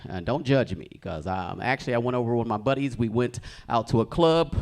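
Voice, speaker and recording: A young man from the United States performing a stand-up comedy set in a club, telling stories loudly and shouting his acted quotes. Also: mid-range voice, a little fast, gravelly. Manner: animated, loud storytelling with shouted acted quotes. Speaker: stand-up comic. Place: comedy club stage with a live audience.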